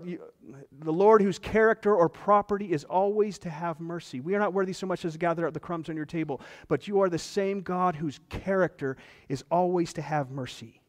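Man, pastor, earnest emphatic sermon, higher voice, long reverb. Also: moderate pace.

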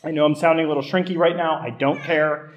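A man's voice: fairly high pitch, fairly even intonation, quick pace, dull audio. A middle-aged man, a pastor, preaching a sermon in a conversational way that builds to emphatic repetition.

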